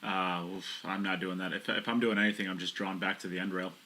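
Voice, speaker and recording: A man from Wisconsin co-hosting pool commentary, joking with frequent halting restarts. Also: low-pitched, fairly even intonation, bright, forceful tone, slight background noise. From Wisconsin, USA. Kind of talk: live sports commentary.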